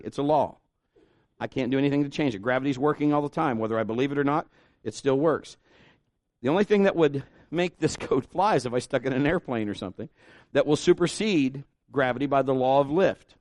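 A man's voice: medium pitch, no room sound, clean studio sound. A male pastor preaching a sermon in church, in a plainspoken, conversational way with folksy asides.

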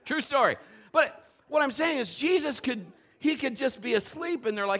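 A man preaching with a high, bright voice that swings all over the place. He tells a story in a sermon, laughing often and acting out every voice. He sounds middle-aged. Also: animated, normal speed. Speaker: pastor.

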